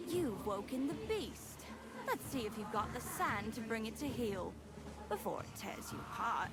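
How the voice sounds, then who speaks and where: A woman voicing a sly female spirit that speaks from inside a cursed gemstone, with an English accent and a taunting manner, in video game audio over loud music. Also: on the high side, expressive, a little slow. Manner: taunting, teasing.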